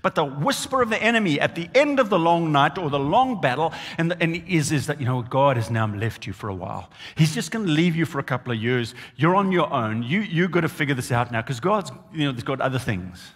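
Male pastor, lively pitch, husky voice, long hall reverb; emphatic sermon delivery. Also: brisk, few pauses. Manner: emphatic, animated preaching with repeated phrases.

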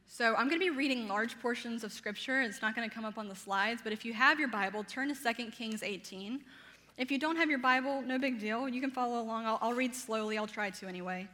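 A woman in her thirties with a Southern American accent, preaching a sermon energetically and playfully, laughing often and speaking fast. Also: a little high, bright, forceful tone, long reverb tail. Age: 30s.

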